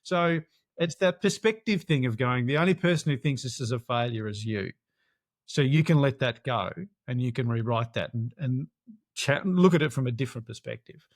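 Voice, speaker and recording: A man's voice: mid-range voice, normal speed. A middle-aged man recounts an adventure race as an interview guest. He talks animatedly and acts out the voices of other people in his story. His voice sits in a middle range and sounds close and dry, with no room echo. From Australia. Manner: animated, acts out quoted dialogue.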